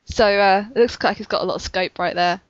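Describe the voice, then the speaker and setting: A woman's voice: medium pitch, steady tone, brisk, no echo, highs cut off. A woman hosting a casual gaming podcast, chatty and full of fillers, laughing often. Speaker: podcast host. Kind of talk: casual chat.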